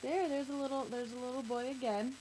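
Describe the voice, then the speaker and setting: A woman's voice: high-pitched, fairly even intonation, brisk, darkish tone, a little hiss or hum, rough recording. A woman hosting a children's show, reading a picture book aloud and chatting with kids, asking them questions.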